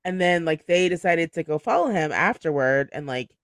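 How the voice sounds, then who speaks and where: A man's voice: on the high side, expressive, moderate pace, a bit bright, no room sound, clean studio sound. A man hosting a book club podcast, chatting casually, laughing often and filling his speech with "like". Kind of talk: casual chat.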